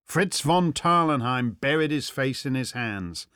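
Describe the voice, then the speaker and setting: A man narrating a novel in the first person with measured, expressive storytelling. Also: medium pitch, smooth, no room sound, clean studio sound. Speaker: audiobook narrator.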